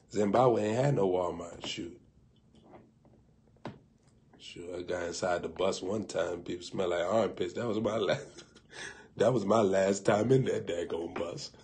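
Preacher guy joking around on a live stream, gets loud then goes real quiet, laughs at himself. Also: low voice, a little slow, long pauses. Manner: animated, swings between loud bursts and hushed asides; colloquial, laughs at his own jokes. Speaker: prophet preaching on a live broadcast. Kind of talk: humorous sermon storytelling.

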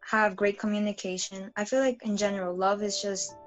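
A young adult woman answering questions as a guest in a casual interview, relaxed and giggly. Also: mid-range voice, fairly quick, soft background music, poor audio.

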